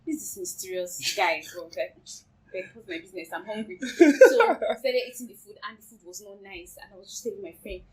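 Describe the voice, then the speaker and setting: A young woman with a Nigerian accent, casually telling her side of a love story, lively and often laughing. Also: mid-range voice, fairly quick, rough recording. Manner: lively, laughing, quotes herself and others. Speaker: co-host.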